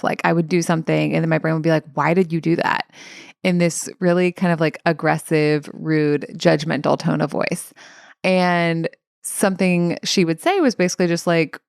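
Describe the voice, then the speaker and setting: A woman in her thirties, a career coach hosting her own podcast, talking in a relaxed, chatty way with lots of "like"s. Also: deep voice, gravelly, clear, resonant tone, no echo, clean studio sound. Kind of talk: casual podcast monologue.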